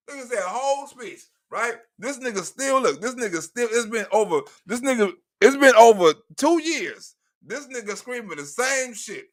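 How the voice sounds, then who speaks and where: High-voiced man ranting mockingly. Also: very animated, moderate pace, a bit bright. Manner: profane, mocking rant. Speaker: livestream commentator. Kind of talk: comedic live commentary.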